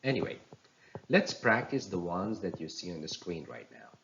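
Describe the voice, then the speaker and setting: A man teaching English pronunciation, reading practice words slowly and clearly for learners to repeat. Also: sits low, very animated, a bit bright, lo-fi sound, slight background noise. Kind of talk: slow teaching with drills.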